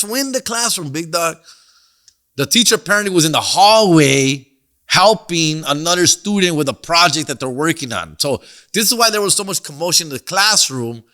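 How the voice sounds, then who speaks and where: A man's voice: fairly high pitch, pushed and bright. A middle-aged man, hosting a podcast and telling a story in casual slang, mixing in Spanish. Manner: slangy, peppers talk with "fool" and "dog", mixes in Spanish. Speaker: comedian podcast host.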